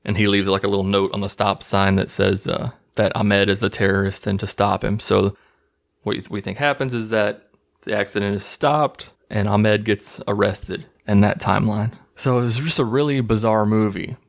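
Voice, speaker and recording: A man's voice: fairly low pitch, fairly even intonation, normal speed, vocal fry. A man hosting his own channel, casually recapping a movie in a rambling, profane, amused way. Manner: rambling, profane, laughing at scenes. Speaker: movie review host.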